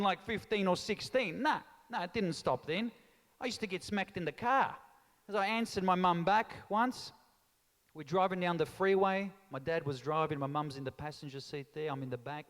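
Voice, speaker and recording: A man from Australia, raised by Italian parents, telling animated stand-up stories. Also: fairly high pitch. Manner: animated storytelling with mimicry. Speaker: stand-up comedian. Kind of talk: stand-up comedy routine. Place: large town hall before a live audience. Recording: echoing town hall reverb.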